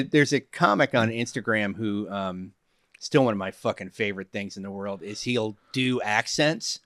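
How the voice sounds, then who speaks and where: A man's voice: on the low side, moderate pace, fairly bright tone, no echo, studio quality. A man in his fifties, a guest comedian, chatting casually on a podcast, rambling and searching for words as he goes. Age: 50s. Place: podcast studio.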